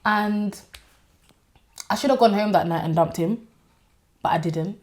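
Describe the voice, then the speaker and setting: Woman in her thirties, podcast co-host, confessional storytelling, mid-pitched, laughs through the pain. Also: darkish tone. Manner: emotional, confessional, quick to laugh. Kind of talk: candid personal storytelling.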